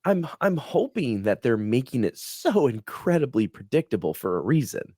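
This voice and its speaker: A man co-hosting a podcast in casual chat, expressive and quick to jump into quoted voices. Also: breathy edge, dry recording, clean studio sound. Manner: expressive, pitch jumps when quoting others. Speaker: podcast co-host.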